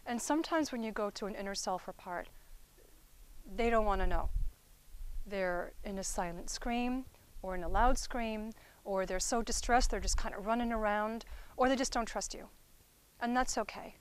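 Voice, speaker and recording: A woman therapist explaining inner-child healing work in a conversational teaching style. She checks in with her listeners as she goes and often softens into gentle, quiet phrasing. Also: medium pitch, moderate pace, smooth, rough recording. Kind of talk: instructional talk.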